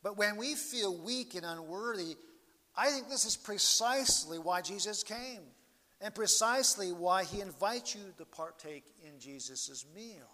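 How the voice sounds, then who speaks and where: A male pastor preaching with slow, earnest deliberation, his voice rising and sinking in volume. His tone is bright and fairly high for a man. The sound carries a long hall reverb. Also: expressive. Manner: slow, earnest preaching with sweeping rises and drops in loudness. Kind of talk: sermon.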